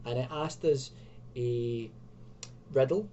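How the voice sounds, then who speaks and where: A man's voice: mid-range voice, slow, warm tone, a little hiss or hum. Chatty man reading a gamebook. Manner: chatty, self-mocking asides. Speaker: video host. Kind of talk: reading and commenting on an adventure gamebook.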